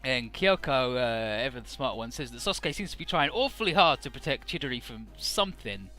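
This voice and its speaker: A man's voice: medium pitch, expressive, a little fast, bright, forceful tone, faint music behind. A man casually recapping a game's story in an offhand, profane, amused way, with frequent "uh"s.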